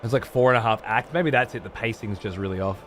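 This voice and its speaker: A man's voice: lowish voice, fast, a bit bright, soft background music. A man streaming and chatting casually with his audience, blunt, rambling and full of swearing.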